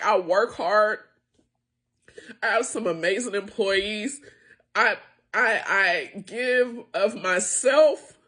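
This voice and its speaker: Slow and often pausing, a middle-aged woman speaks in a husky, medium-pitched voice with a bit of brightness. As the owner and founder of a small business, she makes a frustrated, tearful, passionate appeal straight to the camera.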